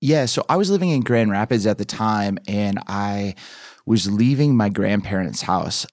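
A man in his thirties, a pastor and author, guesting on a podcast and telling a personal story with lively acted-out bits. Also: on the low side, moderate pace, no echo, clean studio sound. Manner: animated storyteller who acts out his own past lines.

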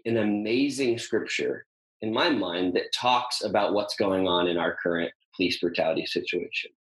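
A man's voice: on the low side, fairly bright tone. A man hosting an easygoing scripture discussion, stopping to search for words with plenty of uhs and ums. His voice carries a roomy echo, as if spoken in an open room. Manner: thinking aloud, frequent ums and uhs. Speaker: host teaching on scripture. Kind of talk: casual teaching talk.

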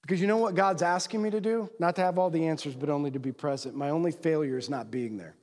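A pastor with a quick, slightly mellow voice preaches to men in a relaxed, conversational manner. He poses rhetorical questions to the crowd and dramatizes quoted voices with large pitch swings, heard through long hall reverb.

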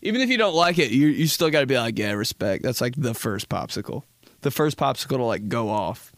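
A man's voice: medium pitch, lively intonation, fairly quick, no room sound. Profane rambling young podcast host, man. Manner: profane, rambling, jokey storytelling. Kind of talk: solo casual podcast chat.

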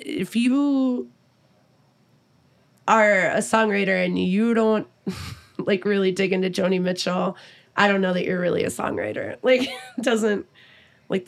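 A woman's voice: medium pitch, vocal fry. A middle-aged woman musician speaking as an interview guest, blunt and profane, laughing often. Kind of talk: casual interview chat.

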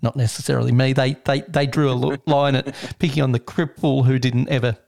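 A man's voice: mid-range voice, fairly even intonation, brisk, creaky, a little mellow. A man with an Australian accent chatting bluntly and matter-of-factly on a casual comedy podcast, swearing freely. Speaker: podcast co-host.

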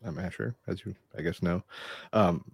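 A man's voice: low-pitched, vocal fry, husky, no room sound. A man playing a tabletop role-playing game, talking casually and speaking in character. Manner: casual, playful, voices his character in quick asides. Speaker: player.

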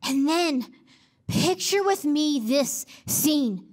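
Slow, high-voiced woman preaching. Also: expressive, a little mellow. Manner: emphatic, repeats key phrases for effect. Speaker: pastor. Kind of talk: sermon.

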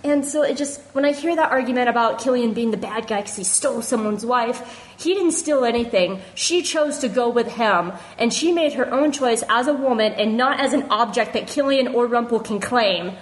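A woman's voice: on the high side, moderate pace, rough recording. A young woman leaving a heated, earnest voice message for a podcast, emotional and near tears, with many restarts. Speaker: fan caller sending a voice message to a podcast. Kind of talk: casual impassioned opinion.

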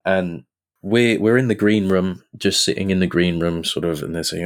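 A man, an actor guest on a podcast in a pub, telling lively anecdotes and acting out what others said. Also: sits low, moderate pace. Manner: lively storyteller who acts out quoted lines.

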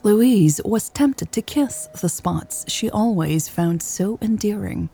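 A woman narrating a romance audiobook in a steady storytelling manner. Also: mid-range voice, slow pace, gravelly, slightly rough.

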